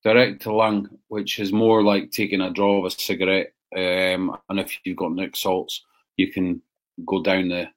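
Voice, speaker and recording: A man's voice: sits low, little pitch movement, normal speed. A man hosting a casual livestream, bantering with viewers and swearing freely. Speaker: livestream host.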